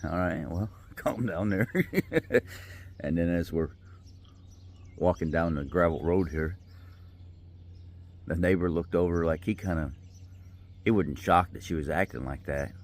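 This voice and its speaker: A man's voice: deep voice, steady tone, measured pace, long pauses, a little hiss or hum. A middle-aged man, telling a personal story in a rambling, folksy, heartfelt way. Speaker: vlogger. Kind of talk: casual storytelling vlog. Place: outdoors by a river.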